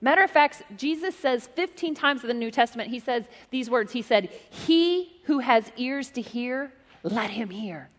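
Middle-aged female pastor, high voice, lively joking sermon, long hall reverb. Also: normal speed. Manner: animated, joking storyteller. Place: church hall.

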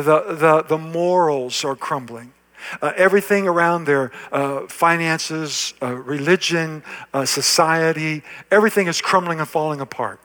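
A pastor with a fairly high, bright voice and a forceful tone preaches a sermon in a space with long hall reverb. He builds toward emphatic, repeated lines, rising in emphasis, then drops to a near-whisper at the ends of phrases.

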